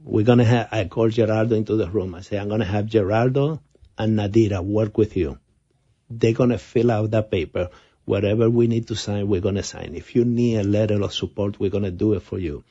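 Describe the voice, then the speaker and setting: Doctor on talk radio, middle-aged, tells stories, repeats himself, mellow husky voice, muffled lo-fi sound. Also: male voice, lowish voice, brisk. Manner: storytelling, repeats words, acts out quotes. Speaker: radio co-host, physician. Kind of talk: casual radio chat. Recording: dull lo-fi radio broadcast.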